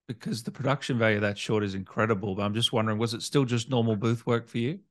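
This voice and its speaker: A man hosting a casual gaming interview, asking questions in a relaxed way. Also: fairly low pitch, fast.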